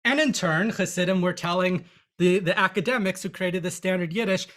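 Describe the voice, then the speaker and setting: A language teacher giving a lecture in a chatty, animated way, with frequent restarts. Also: medium pitch, a little fast. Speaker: Yiddish teacher. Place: online lecture.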